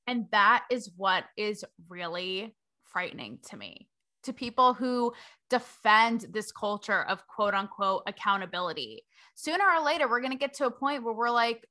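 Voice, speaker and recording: A young woman reporter hosting her own show, talking to camera in a sarcastic, animated way and laughing between points. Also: on the high side, moderate pace. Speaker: reporter and host. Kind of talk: opinionated talk to camera.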